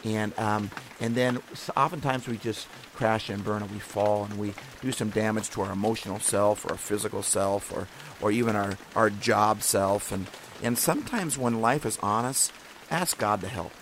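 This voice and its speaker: A man's voice: lowish voice, normal speed, background noise. A man hosting a podcast, giving a casual devotional talk in an earnest, encouraging way that rambles and restarts often. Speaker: podcast host.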